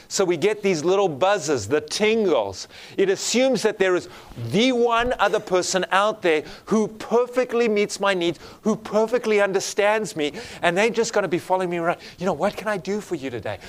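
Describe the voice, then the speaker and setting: Earnest male preacher, fairly high voice. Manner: earnest, asks the congregation for amens. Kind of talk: sermon.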